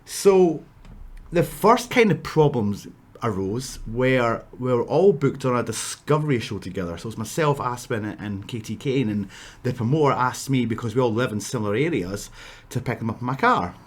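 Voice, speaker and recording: A man's voice: medium pitch, animated, moderate pace. Rambling Scottish man telling a story. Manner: rambling, with asides and restarts. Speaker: wrestler telling stories. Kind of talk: casual storytelling rant.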